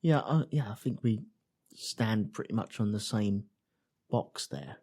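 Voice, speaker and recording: A man's voice: on the low side, unhurried, husky. Guy on a podcast, voice jumps all over, gets ranty and sweary. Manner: animated, sweary ranting. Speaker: podcast co-host. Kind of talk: casual chat.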